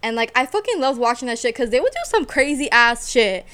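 A young woman chatting casually on a podcast, animated, swearing freely and laughing often. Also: on the high side, fairly quick, clear, resonant tone. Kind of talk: casual chat.

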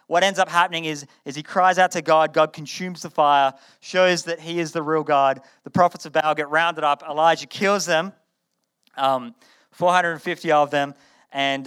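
A man preaching a sermon to a live audience, retelling a story in a conversational, animated way and often repeating his words. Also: fairly high pitch, smooth.

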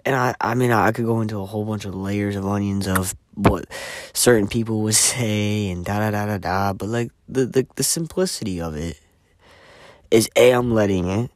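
A man's voice: on the low side, moderate pace, darkish tone, no room sound. A man vlogging a candid personal reflection, emphatic and swearing freely, sometimes dropping to a near-whisper.

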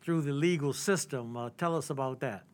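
A man's voice: mid-range voice, normal speed. Hesitant male interviewer. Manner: hesitant, with many uh fillers between phrases. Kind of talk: interview questions.

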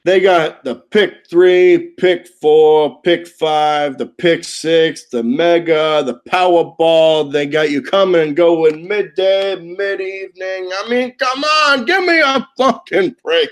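A man delivering a profane comedic rant, loud and indignant, cursing constantly and laughing at his own lines. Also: on the high side, takes it slowly, few pauses.

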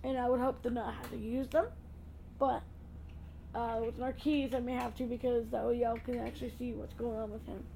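A woman with a high voice hosts her podcast in casual chat. She is chatty and gushing, with an excitable way of talking. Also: moderate pace, vocal fry, slight background noise, poor audio. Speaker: podcast host.

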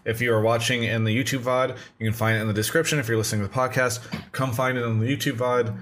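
A man's voice: mid-range voice, level tone, quick pace, fairly bright tone. A man hosting a casual streamed talk show, rambling and restarting often with many fillers. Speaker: podcast host.

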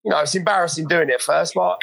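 A man hosting a casual podcast interview, talking hesitantly and self-deprecatingly with halting repetitions. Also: fairly high pitch, steady tone, gravelly, heavy background noise. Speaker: podcast host. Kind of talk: casual chat.

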